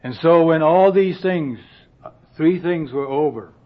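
A man preaching a sermon in a slow, earnest way, often dropping to a soft hush and clearing his throat. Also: a little high. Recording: dull lo-fi recording.

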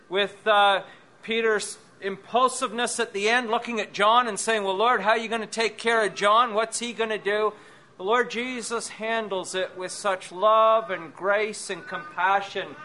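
A man preaching a sermon at a conference, gentle, with rhetorical asides to his hearers. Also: high-pitched. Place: conference hall.

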